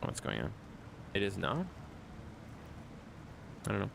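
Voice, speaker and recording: Animated male game streamer. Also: low voice, a little slow, vocal fry, noisy background. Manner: animated, talks to chat, playful repeated phrases. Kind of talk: casual live-stream chat.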